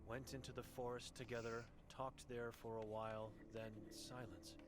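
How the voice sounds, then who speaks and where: A man's voice: medium pitch, little pitch movement, moderate pace, over music, close to an everyday voice. A man voicing a blind, mute old woman who is grim and full of guilt, speaking in terse broken phrases. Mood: somber.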